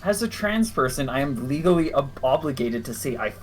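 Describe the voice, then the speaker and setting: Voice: medium pitch, expressive, fairly quick, a little hiss or hum, rough recording. A playful, joking co-commentator calling a tournament in casual chat from home.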